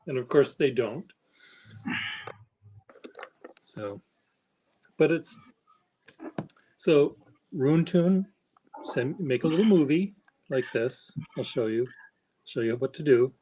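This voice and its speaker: A man's voice: medium pitch, expressive, slow, long pauses, mellow, a little hiss or hum, poor audio. A man hosting a live chat stream, talking in a rambling, playful, teasing way. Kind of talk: casual livestream chat.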